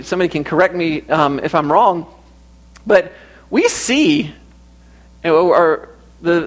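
A male preacher delivering a sermon with a high-pitched voice. He speaks earnestly and leans on repetition to drive his points home. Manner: earnest, repeats phrases for emphasis.

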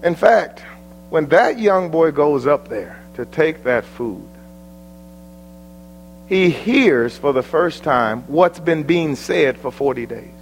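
A man's voice: on the high side, lively intonation, slow, a little hiss or hum, low-quality recording. A man with an American accent preaching a sermon, telling the story in a dramatic, folksy way.

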